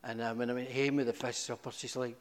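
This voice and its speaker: A middle-aged man giving a humorous, animated testimony to a church, with sudden high exclamations. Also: quick pace. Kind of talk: storytelling testimony. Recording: echoey hall.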